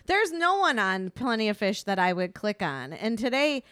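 Smooth-voiced ranting woman co-host. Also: mid-range voice, moderate pace, no echo. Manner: animated, profane ranting. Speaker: podcast co-host. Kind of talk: casual chat.

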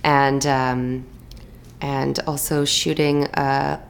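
A young woman with a low, gravelly voice talks through her acting work in a relaxed interview. She tells her stories in an animated way, full of quick restarts and playful mimicry. Her tone is deep and textured, with a slight rasp. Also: a little hiss or hum. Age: young adult. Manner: animated storyteller, quick restarts, lively imitations. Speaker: actress and voice actor. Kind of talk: casual interview chat.

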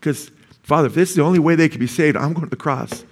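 A male pastor preaching a sermon in church, asking his congregation questions for them to answer and slowly sounding out words as he teaches. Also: fairly high pitch. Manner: asks the congregation call-and-response questions. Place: church before a live congregation.

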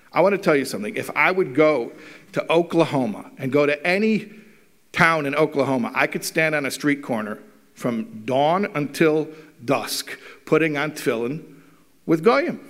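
A middle-aged man speaks to a live audience in a fairly high voice. He tells stories animatedly and acts out each side of the dialogue, with a wry, teasing humour running through it. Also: a bit bright. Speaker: rabbi giving a talk.

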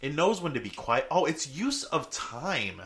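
A man co-hosting a podcast, chatting casually and excitedly retelling a film's scenes. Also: fairly high pitch, measured pace, a crowd in the background. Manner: animated, retelling scenes with acted quotes. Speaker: podcast co-host. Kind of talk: casual chat.

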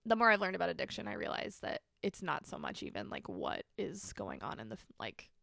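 A woman's voice: lowish voice, wildly swooping pitch, a little fast, gravelly, a bit bright, no echo, studio quality. A young woman telling her personal story as a podcast guest, candid and conversational, full of "like" fillers. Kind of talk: personal testimony in a podcast interview.

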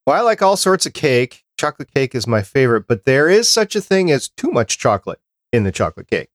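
A man's voice: mid-range voice, very animated, fairly quick, no room sound. Chatty male podcast host, dry sound. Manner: chatty, reads out dates and lists. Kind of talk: casual podcast chat.

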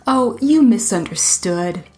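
A woman voicing a cunning male dragon in a storybook reading, speaking smoothly and smugly. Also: medium pitch, expressive, slow, warm tone, soft background music. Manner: smooth and smug.

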